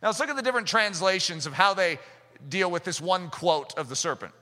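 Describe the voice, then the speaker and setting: A man preaching a sermon with fervor, rising to shouts for emphasis. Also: high-pitched, brisk. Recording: echoey hall reverb.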